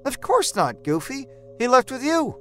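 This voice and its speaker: A man's voice: very high voice, very animated, normal speed, bright, forceful tone, pitched above the performer's own voice, heavily acted. A man voicing an anxious, nosy wife who calls out through a door in a raised, worried voice. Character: anxious, nosy woman, Laura, the narrator's wife. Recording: narration with a faint music score.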